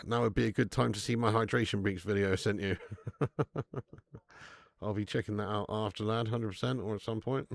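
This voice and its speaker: A man hosting a football watch-along stream, swearing often and bantering with his chat in bursts of excitement. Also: fairly low pitch, normal speed, vocal fry, long pauses, dry recording. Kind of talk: casual live-stream chat.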